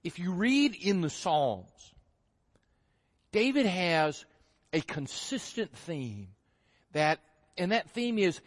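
A man's voice: high-pitched, very animated, a little slow. A man preaching an expository sermon, reading scripture aloud and acting out the voices of the story with animation. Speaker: pastor. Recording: long hall reverb.

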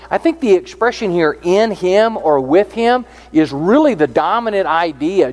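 A man preaching a sermon, earnest and explanatory, reading out scripture verses as he teaches. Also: high voice.

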